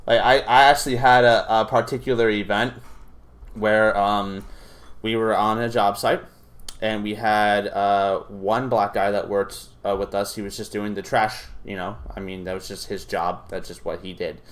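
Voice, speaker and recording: A young man hosts a reaction video in a loose, profane rant. His voice sits a little low, and he rambles through fillers and restarts as he tells stories between clips. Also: level tone, normal speed. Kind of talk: casual ranting commentary.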